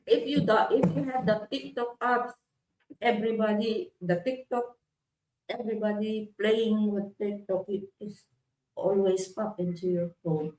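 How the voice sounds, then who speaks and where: A woman's voice: medium pitch, fairly even intonation, measured pace, dark tone. A woman who joins the host's casual livestream with short, plain comments. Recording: echoey room with faint background noise.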